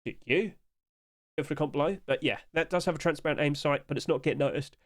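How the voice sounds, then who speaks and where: A man's voice: on the high side, quick pace. A young man chatting casually through a screen-share review, tired and yawning, asking rhetorical questions and talking to the items on screen. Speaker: game skin market commentator.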